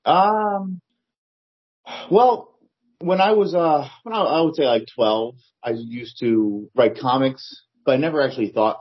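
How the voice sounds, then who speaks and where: A man's voice: mid-range voice, animated, unhurried, breathy edge, muffled recording. A man with a New Jersey accent, an author guest on a podcast, answering hesitantly and repeating himself. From New Jersey, United States. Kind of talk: casual interview chat.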